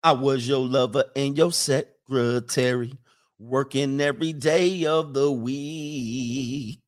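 A man's voice: mid-range voice, fairly even intonation, voice pushed down, lightly acted. A man putting on a bitter, wronged woman. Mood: aggrieved. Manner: slow, drawn-out lament. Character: bitter woman listing her years of sacrifice.

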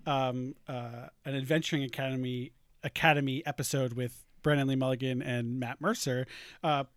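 A man's voice: mid-range voice, fairly even intonation, normal speed, no echo, studio quality. A man, a podcast host and game master, chatting casually with many fillers and restarts. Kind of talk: casual chat.

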